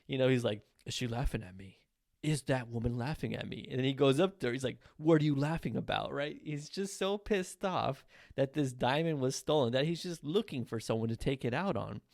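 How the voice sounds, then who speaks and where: A young man hosting a solo movie review podcast, talking in an animated, blunt way and swearing freely. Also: mid-range voice, no room sound, clean studio sound. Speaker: podcast host.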